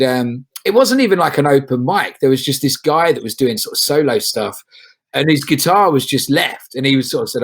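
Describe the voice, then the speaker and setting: A folk singer, chatting as an interview guest in a rambling way, with lots of restarts and casual swearing. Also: male voice, medium pitch, a bit bright. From England.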